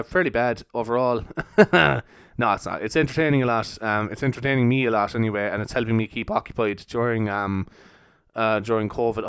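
A young man rambles through a casual solo podcast, laughing often and leaning on fillers. His voice is smooth and clear. The recording is close and dry. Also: mid-range voice, dry recording. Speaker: podcast host.

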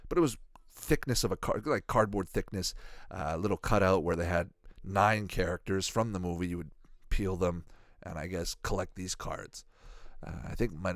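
A man's voice: low voice, fairly bright tone, no room sound, studio quality. A man in his thirties giving rambling, profane, joking commentary while watching a cartoon. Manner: rambling, profane, jokey asides. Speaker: reaction video host.

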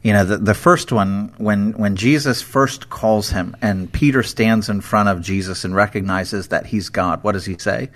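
Earnest low-voiced man discussing scripture. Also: normal speed, few pauses. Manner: earnest, emphatic, retells scripture with feeling. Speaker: co-host of a Bible discussion. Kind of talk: casual Bible study discussion.

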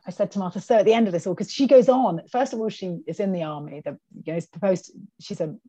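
A woman's voice: medium pitch, fast talker, breathy edge, no room sound. A woman, an author, chatting in a podcast interview over a video call, telling stories animatedly and mimicking the people she quotes. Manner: animated storyteller, quotes people in their voices. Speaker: author and guest.

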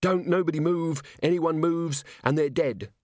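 A man doing a snarling, shouting robber. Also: a little high, unhurried, dry recording, studio quality, pitched above the performer's own voice, lightly acted. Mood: threatening. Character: blustering threatening male street robber.

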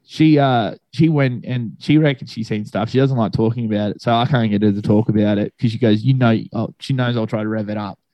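A man's voice: lowish voice, brisk, few pauses, warm tone, no room sound, poor audio. A young man telling a ghost story to friends in a rambling, casual way, full of fillers and swearing.

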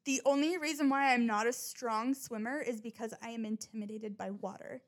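A woman's voice: fairly high pitch, fairly even intonation, brisk. A young woman talking casually and bluntly about her odd habits, rambling, swearing often and mocking herself. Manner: rambling, blunt, frequent swearing and self-mockery. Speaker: podcast host. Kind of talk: casual confessional monologue.

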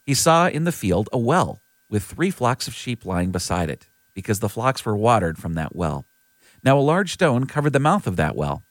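Low-voiced man reading scripture. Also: no echo. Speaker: scripture reader.

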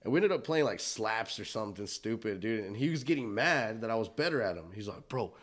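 A man's voice: on the low side, expressive, a little fast. A man casually telling a profane bar story, acting out the voices of the people in it.

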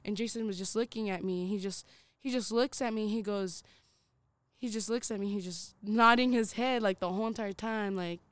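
A woman's voice: mid-range voice, normal speed, no room sound. A woman co-hosting a podcast, telling a story candidly and with plenty of swearing. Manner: candid, profane, laughing retelling. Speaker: podcast co-host. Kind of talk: casual storytelling chat.

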